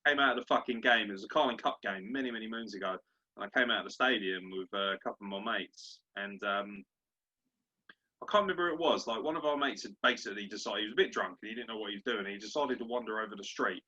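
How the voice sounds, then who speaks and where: Southern English man, podcast host, bright tense voice, husky, sweary rant, dull lo-fi sound. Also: fairly low pitch, fast. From southern England. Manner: sweary, animated ranting, puts on gruff voices. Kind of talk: casual sports podcast chat.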